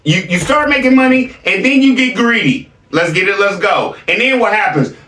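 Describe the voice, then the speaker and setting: A man's voice: high-pitched, lively intonation, normal speed, pushed and bright, roomy sound, distant mic, soft background music. A man hosting a reaction video, mocking a clip with sarcastic commentary and repeated catchphrases.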